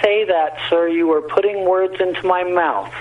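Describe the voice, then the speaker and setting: Stammering polite manager on the phone. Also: male voice, high-pitched, steady tone, moderate pace. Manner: polite, stammering, keeps saying sir. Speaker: restaurant manager. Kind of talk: phone call. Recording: distant phone line.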